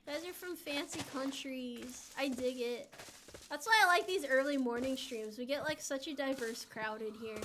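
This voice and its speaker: Woman, streamer, high voice, bright tone, playful, giggly, casual chat while gaming. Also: normal speed, slight background noise. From United States.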